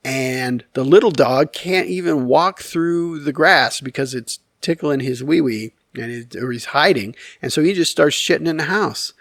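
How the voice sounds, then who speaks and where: A man's voice: fairly high pitch, a bit bright, no echo, studio quality. A man telling a casual story to his channel's viewers, rambling and candid, with many fillers, self-corrections and wry, self-deprecating humor. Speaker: YouTube storyteller.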